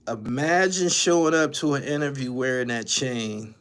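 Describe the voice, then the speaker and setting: A man's voice: medium pitch, lively intonation, moderate pace, fairly bright tone, clean tone. A man hosting a livestream, giving profane, ranting commentary and repeating his lines for emphasis. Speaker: channel host.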